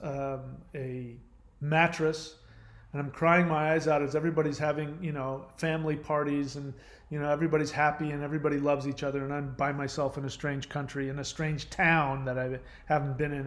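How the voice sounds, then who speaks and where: A man's voice: a little high, level tone, normal speed. A man hosting his channel, telling a long, emotional personal story in a rambling way with many fillers and restarts. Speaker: channel host.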